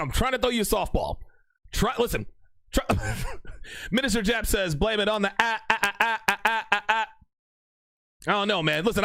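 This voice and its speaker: A man's voice: high-pitched, fairly bright tone, dry recording. A man hosting a live stream, reading chat comments aloud and teasing a viewer with laughing mock-courtroom banter. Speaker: livestream host reading chat.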